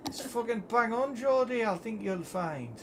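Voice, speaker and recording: A man's voice: extremely high pitch, animated, moderate pace. A man streaming a city-building game, swearing constantly in a put-on Geordie accent. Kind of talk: casual gaming livestream banter. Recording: noisy stream audio.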